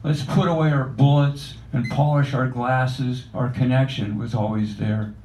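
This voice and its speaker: A man reading his own poetry aloud in a measured, reflective recitation at a cafe open mic. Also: mid-range voice, steady tone, darkish tone, slight background noise. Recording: echoey cafe room.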